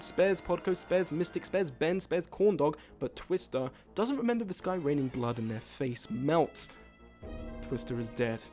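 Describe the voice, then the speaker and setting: A man hosting a live stream, reading out game events in casual commentary, excitable and swearing freely while joking with his chat. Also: a little high. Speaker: streamer host.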